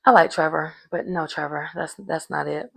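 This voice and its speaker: A woman's voice: low voice, fairly even intonation, moderate pace, gravelly, husky, low-quality recording. A woman casually recapping a reality dating show, chatty and full of fillers, retelling scenes through quoted dialogue.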